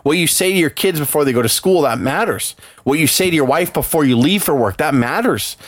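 A man's voice: a little high, expressive, a little fast, no room sound. A man co-hosting a podcast, talking casually and emotionally with a lot of swearing and bursts of anger. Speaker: podcast co-host.

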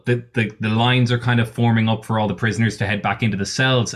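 A man's voice: lowish voice, fairly bright tone. A man running a tabletop game as game master, narrating with lots of fillers and swearing. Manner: rambling, swearing, frequent fillers.

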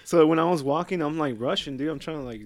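A man's voice: on the high side, fast talker, no echo. A man telling a story in casual chat, laughing often, swearing freely and dropping in Spanish slang.

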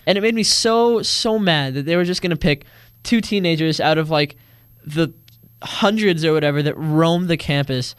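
A man's voice: fairly high pitch, normal speed, clean tone, no echo, clean studio sound. A teenage boy giving an earnest, indignant account of his own experience in a personal monologue. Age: teens. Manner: earnest, indignant, acts out quoted voices.

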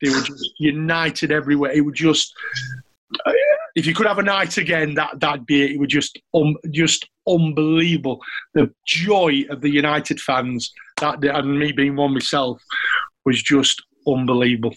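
A man's voice: fairly high pitch, steady tone, normal speed, a bit bright, rough recording. A middle-aged man with a Yorkshire accent, a former footballer chatting as a guest, telling stories with frequent laughs and restarts. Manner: chatty storyteller, laughs often, restarts sentences. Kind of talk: casual anecdotal chat.

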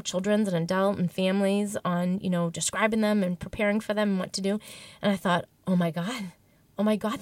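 A woman recounts a hard chapter of her life in a candid interview, reflective and emotional, often restarting her sentences. Her voice sits at a middle pitch, recorded dry and close with no room sound. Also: dry recording. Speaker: interview guest. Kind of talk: candid personal storytelling.

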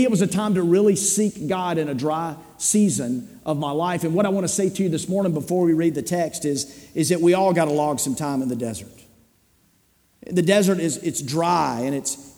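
A man's voice: a little high, a little mellow. A man pastor preaching a sermon, telling a rambling, self-deprecating story with humor before turning to scripture. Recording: long hall reverb.

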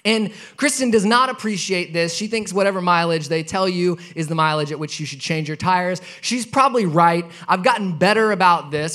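A pastor in his thirties with a notably high voice for a man preaches to his congregation. He moves between relaxed storytelling and emphatic, repeated points. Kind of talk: sermon with personal story.

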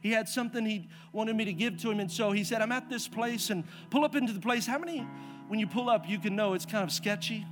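A man with a notably high voice preaches as a pastor, dropping to near-whispered quiet and then rising to forceful emphasis. He calls out to the congregation and has them answer back. Soft music plays faintly underneath. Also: fast talker. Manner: swings from hushed to loud and emphatic, calls the congregation to respond. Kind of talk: sermon with personal story.

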